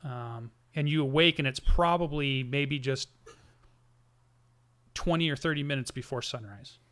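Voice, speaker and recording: A man narrating a tabletop game as game master, halting often with ums and restarts. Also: medium pitch, a bit bright.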